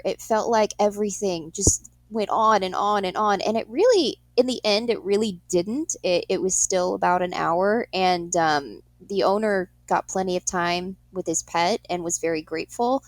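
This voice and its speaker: A young adult woman, a guest, telling stories in an animated way, laughing a lot and acting out what people said. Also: medium pitch, dry recording. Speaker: guest, in-home pet euthanasia worker. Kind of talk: storytelling in an interview.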